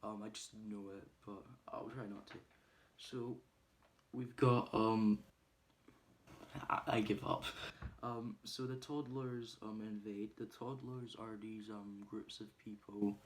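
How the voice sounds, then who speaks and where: A man's voice: fairly low pitch, steady tone, takes it slowly, slight background noise. A man casually recapping a film's plot, rambling with lots of ums and uhs. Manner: acts out quoted lines loudly. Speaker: movie reviewer. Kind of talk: casual spoiler review.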